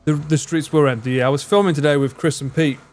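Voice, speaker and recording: A man's voice: a little high, fairly even intonation, fast. A young man with an Essex accent, chatting casually and jokingly with his live stream viewers. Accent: Essex English. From Essex, England. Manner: joking, teasing, answers chat messages.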